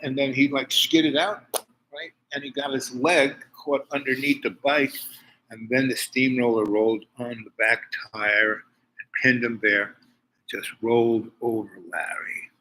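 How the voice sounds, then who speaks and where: An older man from Harlem talks through a meandering story, circling back on himself with restarts and asides. His voice is bright and forward. A faint hiss of noise sits under the recording. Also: medium pitch, fairly even intonation, measured pace, rough recording. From Harlem, New York. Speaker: host. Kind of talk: rambling personal monologue.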